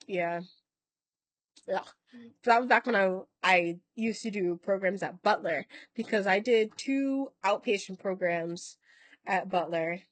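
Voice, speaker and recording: Rambling woman vlogger, mid-pitched voice, casual swearing, dry close sound. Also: slow pace, no echo. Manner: acts out other people's lines in quoted voices. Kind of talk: casual storytelling to camera.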